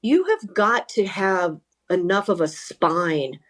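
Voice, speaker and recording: Middle-aged woman sports reporter chatting on a podcast, lively storyteller, keeps restarting her sentences. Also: mid-range voice, takes it slowly. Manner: animated, self-correcting, lots of repeated starts. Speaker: sideline reporter and talent coach.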